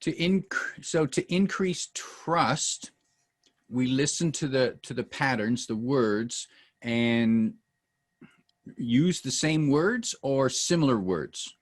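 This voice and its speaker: A man's voice: medium pitch, lively intonation. A man hosting a podcast interview, asking short questions with hesitations and restarts. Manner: halting, searching for words. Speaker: podcast host.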